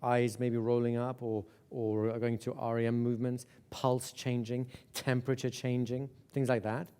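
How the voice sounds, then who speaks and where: A hypnosis instructor leads a live seminar conversationally, his medium-pitched voice mellow, clean, and level at a moderate pace. He keeps checking in with "right?" and restarts and repeats phrases.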